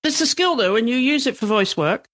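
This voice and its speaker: A woman's voice: a little high, lively intonation, fairly quick, fairly bright tone. A woman hosting an interview in an easygoing manner, with frequent ums and yeahs. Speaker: podcast host. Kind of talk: casual interview chat.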